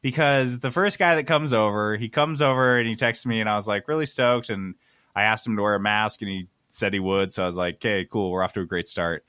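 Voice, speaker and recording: A man on a podcast telling a story casually, animated and exasperated, swearing freely. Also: fairly low pitch, a little fast, no echo, clean studio sound. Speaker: podcast host.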